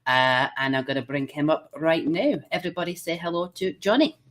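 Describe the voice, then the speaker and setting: A woman's voice: low-pitched, lively intonation, brisk, fairly bright tone. A Scottish woman hosting a casual live-stream show, bubbly and cheeky, laughing often. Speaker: livestream show host.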